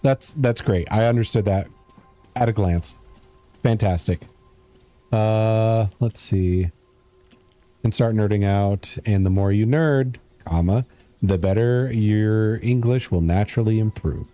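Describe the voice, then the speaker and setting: Low, slow, mellow-voiced male streamer. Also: faint music behind. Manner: chatty, reads chat aloud, mutters while playing. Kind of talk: casual gameplay commentary.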